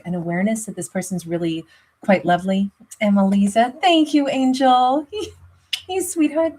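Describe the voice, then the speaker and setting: A woman giving a casual, rambling tarot reading, chatting warmly with viewers and laughing often as she goes off on tangents. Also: medium pitch, breathy edge, low-quality recording. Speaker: tarot reader.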